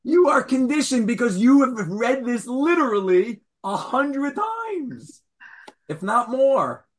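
A rabbi leads an online class, pressing his students with pointed questions. His voice swings widely in pitch and carries a slightly husky edge, heard over a video-call mic. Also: takes it slowly. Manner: challenging, Socratic, animated. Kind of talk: interactive online Torah class.

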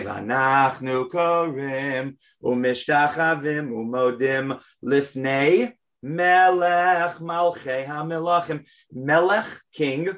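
A man teaching a weekly class on prayer, speaking deliberately and stressing key words as he explains them. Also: a little high. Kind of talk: religious class lecture.

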